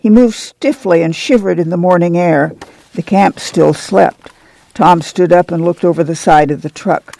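A man reading a novel aloud in even, descriptive narration. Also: high voice, moderate pace, gravelly, low-quality recording. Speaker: audiobook reader.

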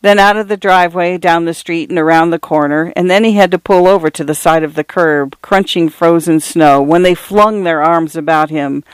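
Audiobook narrator, smooth clear voice, dry close-mic studio sound, measured and expressive. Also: medium pitch, dry recording. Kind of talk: scripted literary narration.

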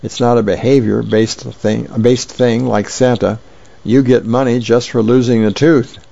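A man reading aloud as a matter-of-fact little girl, soft, with a gravelly voice. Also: mid-range voice, fairly even intonation, a little slow, lo-fi sound.

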